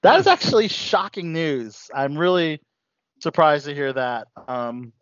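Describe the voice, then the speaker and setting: A man's voice: fairly high pitch, very animated, a little slow, clean tone, no room sound. A man hosting a casual movie news chat, talking loosely with lots of fillers and asides. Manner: chatty, many fillers and "you know". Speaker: host. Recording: dull lo-fi sound.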